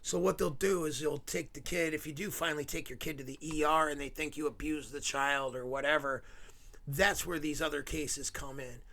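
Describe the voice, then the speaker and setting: Angry ranting man with a gravelly voice. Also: on the high side, fairly even intonation, moderate pace, sharp tone. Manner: heated, swearing, sarcastic asides. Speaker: video host.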